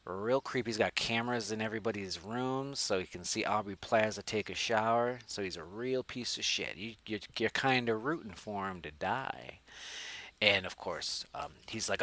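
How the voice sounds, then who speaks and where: A man hosting a podcast, reviewing a movie in a rambling, profane, animated way into a studio mic. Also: fairly low pitch, normal speed, no echo. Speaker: podcast host. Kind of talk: casual movie review chat.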